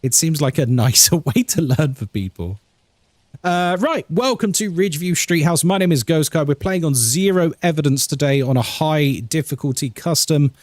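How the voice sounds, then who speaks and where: A man hosts a live game stream, reading chat aloud and laughing often. His voice sits a little high and moves around a lot. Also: animated, moderate pace, no room sound, clean studio sound. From England.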